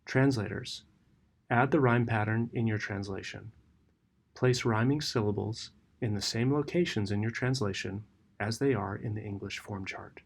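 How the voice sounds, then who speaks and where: A man narrates a training lesson in a steady, measured way. His voice sits low, with some gravel and a husky edge. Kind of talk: scripted instructional narration.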